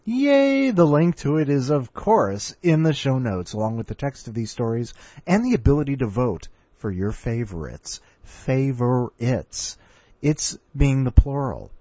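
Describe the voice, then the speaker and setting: A man's voice: medium pitch, expressive, normal speed, warm tone, no echo. A man hosting a story podcast in a rambling, joking, self-mocking way, with a dull lo-fi recording. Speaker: podcast host. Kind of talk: casual rambling chat.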